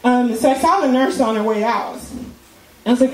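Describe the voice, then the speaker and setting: On a comedy club stage, a woman with a fairly high voice tells a crude, profane story at normal speed, acting out the quotes. The echoey room is recorded from afar amid loud noise, with audience laughter in the background.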